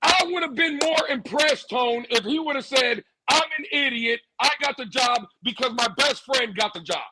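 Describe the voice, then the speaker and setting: High-pitched man, sarcastic sports rant, hissy noisy remote audio. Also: moderate pace, hardly any pauses. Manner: sarcastic, ranting, repeats for emphasis. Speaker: podcast co-host. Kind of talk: heated sports commentary.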